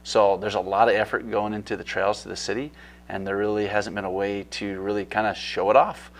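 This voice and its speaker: A lower-pitched man with a gravelly edge to his voice, chatting as an interview guest. He talks eagerly and rambles, with lots of fillers and restarts. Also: flat delivery, a little fast. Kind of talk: casual interview chat.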